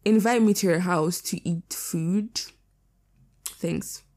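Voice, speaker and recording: Teen girl podcaster, hoarse and mellow, casual chatty delivery with swearing. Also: lowish voice, slow. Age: teens. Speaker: podcast host. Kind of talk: casual solo podcast chat. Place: lying down indoors.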